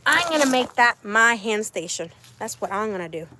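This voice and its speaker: A chatty woman with a slightly high voice talks to her viewers and coos at her birds while she works at a backyard coop. Her phone picks up plenty of outdoor noise, with animals heard behind her. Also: lively intonation, normal speed. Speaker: backyard chicken keeper hosting a livestream. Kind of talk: casual livestream chat. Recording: noisy outdoor phone stream.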